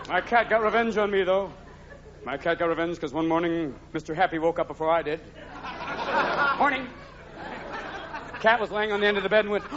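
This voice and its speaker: A man in his thirties, from the United States, doing live stand-up comedy rapidly and manically, jumping into character voices. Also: sits high, crowd noise, noisy background. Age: 30s. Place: theatre stage before a live audience. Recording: lo-fi live stage recording with loud audience.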